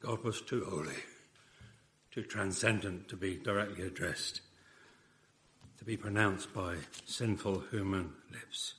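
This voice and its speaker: A man's voice: low-pitched, a little slow, pauses often, fairly bright tone. A man preaching a sermon in an earnest, emphatic way, often repeating phrases for weight.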